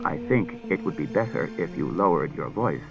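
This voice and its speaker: A man doing a calm, unemotional robot. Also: low voice, lo-fi sound, over music, exaggerated voice. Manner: quiet, measured, unemotional. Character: calm humanoid male robot detective.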